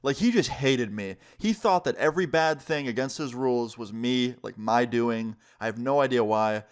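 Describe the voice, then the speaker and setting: A man's voice: medium pitch, normal speed, clear, resonant tone. A man in his twenties telling a story casually on his vlog, often saying "like" and swearing. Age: 20s. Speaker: vlogger.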